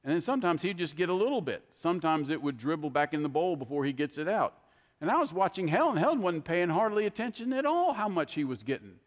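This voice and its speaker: An older man preaching a sermon, telling folksy stories in an animated, heartfelt way. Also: on the high side, quick pace, long reverb tail. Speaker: pastor.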